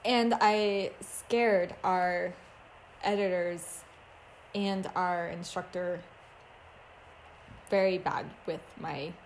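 A woman's voice: on the low side, steady tone, extremely slow, pauses often, slight background noise. A woman co-hosting a podcast in casual chat, playful and self-mocking, laughing often. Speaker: podcast co-host.

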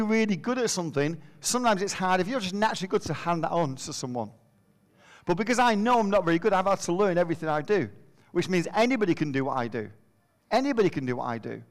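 Self-mocking man telling stories, slightly slurred. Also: fairly high pitch. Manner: self-deprecating, animated storyteller with a slight slur. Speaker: schools worker and preacher. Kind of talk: humorous storytelling talk.

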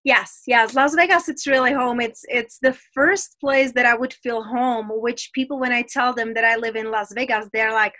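A young woman with a Czech accent, speaking English as a second language, chats as a guest on an interview podcast. Her voice sits high and sounds bright, and she talks eagerly with quick restarts and repeated words. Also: fairly even intonation. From Czech Republic. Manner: enthusiastic, talks in a rush with restarts. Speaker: guest, women's transformational coach. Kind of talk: casual chat.

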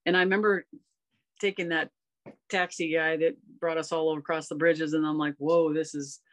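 A woman's voice: low voice, level tone, normal speed. A woman in her fifties, a guest on a podcast, telling personal stories in an earnest, rambling, heartfelt way. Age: 50s. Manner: earnest, rambling, emotional storytelling. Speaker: podcast guest, golf coach. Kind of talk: casual storytelling conversation.

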